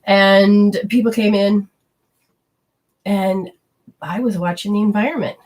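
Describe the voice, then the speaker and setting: A woman spiritual teacher giving a chatty, animated live-streamed talk to viewers, acting out little quotes and swearing casually. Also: medium pitch, slow.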